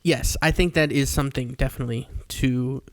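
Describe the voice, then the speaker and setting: A man's voice: mid-range voice, fairly quick, no echo. A young man co-hosting a podcast from his home, joking in a dry, playful way. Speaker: podcast co-host. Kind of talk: casual chat. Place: home in Queens.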